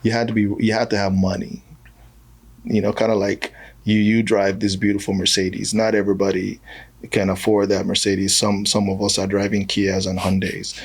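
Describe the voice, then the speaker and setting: A man's voice: fairly low pitch, normal speed, husky. A man from Nigeria, a comedian, telling jokes and stories in a casual podcast conversation. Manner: jokey, animated storytelling with voiced asides.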